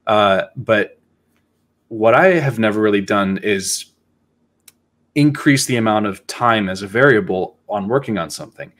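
A man hosting a casual podcast, talking in a reflective, halting way as he thinks aloud. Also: fairly low pitch, fairly bright tone. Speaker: podcast host.

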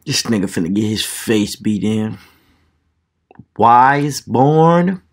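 A man's voice: lowish voice, animated, slow pace. A man hosting a reaction video, making joking, slangy comments over fight clips. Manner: joking, slangy, laughing asides.

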